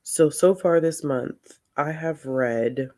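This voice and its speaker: Hosting a relaxed reading stream, this man has a fairly high, slightly mellow voice. He sounds sleepy and yawns, talking slowly and aimlessly, greeting chat viewers and frequently saying "y'all."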